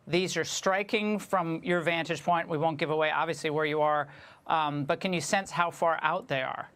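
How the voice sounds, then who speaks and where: A woman's voice: sits low, steady tone, normal speed, fairly bright tone. A woman anchoring the news, asking a reporter questions with some hesitation. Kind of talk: live news interview.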